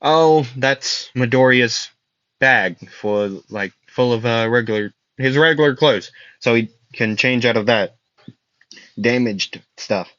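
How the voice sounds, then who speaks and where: Casting: a man playing a casual young student, slow and filler-laden, dull lo-fi sound. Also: medium pitch, fairly bright tone, no room sound. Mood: helpful. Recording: dull lo-fi dry recording.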